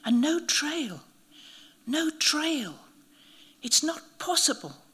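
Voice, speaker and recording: A woman's voice: sits high, big pitch swings, drawn-out words, fairly bright tone, voice pushed up, exaggerated voice. A woman voicing a frightened, weakening male priest who speaks in weak, shaken murmurs. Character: frightened, weakening man, a priest bitten by a snake.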